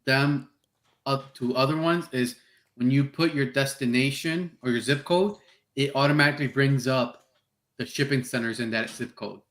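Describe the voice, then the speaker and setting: A man hosting a podcast, asking relaxed, casual questions in an interview. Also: medium pitch, normal speed. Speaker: podcast host. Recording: roomy, echoey room sound.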